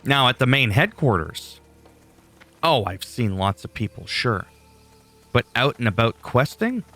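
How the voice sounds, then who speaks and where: A man's voice: medium pitch, lively intonation, a little slow, pauses often, a bit bright, soft background music. A man giving casual, rambling gameplay commentary with dry sarcastic asides.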